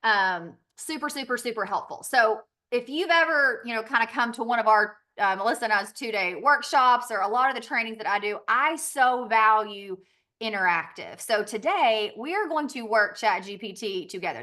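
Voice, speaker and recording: A woman's voice: on the high side, animated, moderate pace, pushed and bright. A woman with a Southern US accent giving a chatty training talk on a team call, laughing often and acting out little quoted exchanges.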